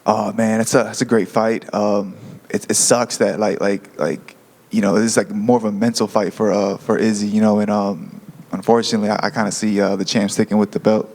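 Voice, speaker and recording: Man, lowish voice, monotone, halting, lots of "like" and "um". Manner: hesitant, full of fillers. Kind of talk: press interview answers.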